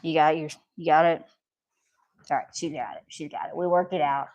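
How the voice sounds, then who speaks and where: A woman in her home art studio, chatting casually and cooing at her excited dogs in a sing-song voice. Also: low voice, normal speed, no echo, muffled recording. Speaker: painter recording in her studio.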